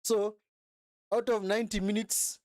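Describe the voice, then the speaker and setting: A man's voice: high-pitched, level tone, measured pace, a little mellow, no echo, studio quality. A young man hosting a live football watch-along, mocking and scolding the players in a long rant. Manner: mimics players in whiny put-on voices.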